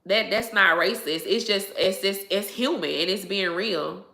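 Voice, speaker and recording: Emphatic woman with a bright voice. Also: medium pitch, a little slow, gravelly, reverberant. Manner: emphatic, repeats phrases, laughs often. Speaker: livestream host answering viewers. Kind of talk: casual livestream chat.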